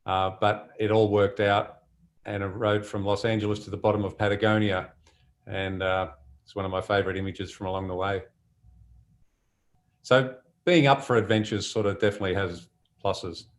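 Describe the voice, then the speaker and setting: Man, low voice, relaxed storyteller who laughs easily. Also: moderate pace. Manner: relaxed and chatty, laughs often, many fillers. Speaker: surf photographer guest. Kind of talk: casual conversational storytelling.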